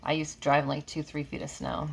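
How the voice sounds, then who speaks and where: A woman's voice: low-pitched, level tone, quick pace, vocal fry, husky. A woman in her thirties from New York with a slight Southern drawl, chatting casually on a live stream and laughing often as she reads and answers comments. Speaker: reiki healer hosting a live stream. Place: home room with air conditioning.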